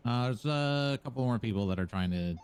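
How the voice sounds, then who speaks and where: A man's voice: medium pitch, expressive, fairly quick. A man in role-play chat, addressing a group casually.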